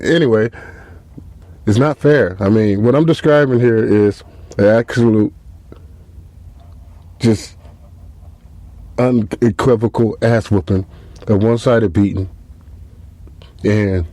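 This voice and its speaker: A man spinning a comic monologue in a loose, profane ramble, leaning on "you know" and "like". His voice sits low and mellow, recorded close and dry. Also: steady tone, slow pace, long pauses, no room sound. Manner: casual, profane, rambling with many fillers. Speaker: podcast host. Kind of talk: comedic storytelling monologue.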